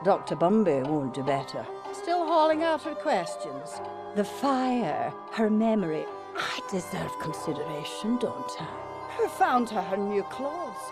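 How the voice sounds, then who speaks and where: An actress playing a greedy, scheming older nurse, muttering and wheedling in a game. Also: female voice, medium pitch, big pitch swings, unhurried. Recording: game audio with music behind.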